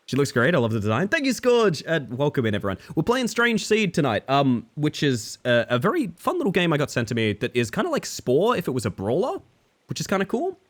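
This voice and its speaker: A young man from Western Australia with a Western Australian accent tinged with British, chatting playfully with viewers while gaming on a live stream. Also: fairly high pitch.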